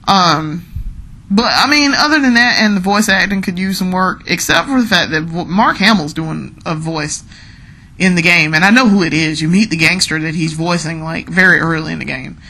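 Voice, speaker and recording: A woman's voice: fairly low pitch, moderate pace, pushed and bright, rough recording. Chatty woman, candid. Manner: chatty, frank, often laughing, repeats herself. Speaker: blogger and podcast host. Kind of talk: casual spoken game commentary.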